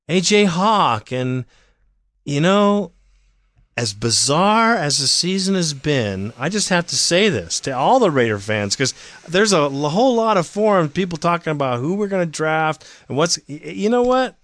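A man delivering an opinionated sports fan monologue, heated and ranting, swinging from calm talk to raised outbursts. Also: mid-range voice, no room sound, studio quality.

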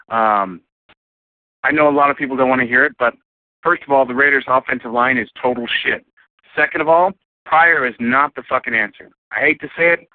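A man's voice: mid-range voice, no room sound. A man calling in to a sports show, angry and swearing about his team. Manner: angry, profane. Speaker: caller. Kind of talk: voicemail rant. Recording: tinny phone line.

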